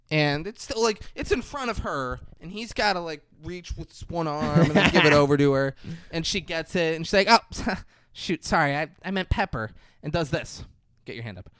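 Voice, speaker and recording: This podcast co-host has a high, clean voice at a moderate pace with no echo. He walks through a movie scene by scene, animated, performing the lines and cursing freely in relaxed conversation.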